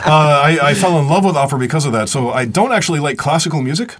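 A man's voice: fairly high pitch, lively intonation, quick pace. A man co-hosting a podcast in a studio, chatting casually and joking with blunt opinions. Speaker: podcast co-host. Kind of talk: casual chat. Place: recording studio.

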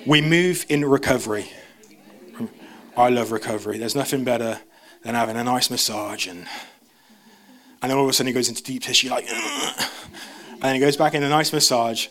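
A young man, preaching a sermon in a church service as an animated storyteller who jumps into quoted voices. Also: medium pitch, brisk.

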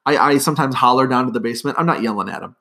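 Middle-aged man, school podcast host, casual and rambling, average pitch. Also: rapid-fire, vocal fry, a bit bright. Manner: rambling, filler-heavy, friendly.

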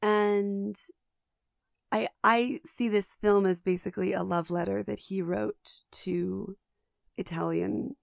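A woman's voice: medium pitch, steady tone, takes it slowly, gravelly, no room sound, studio quality. A woman co-hosting a podcast, chatting enthusiastically about a film with lots of restarts. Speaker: podcast co-host. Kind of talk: casual film discussion.

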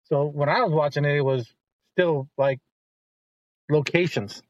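A middle-aged man, the host's father, telling long rambling stories in casual chat and turning animated when he quotes others. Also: a little high, unhurried, no room sound, lo-fi sound.

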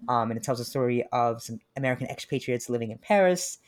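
A young man chatting casually about books, animated and joking, often laughing. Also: mid-range voice, quick pace. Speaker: podcast co-host.

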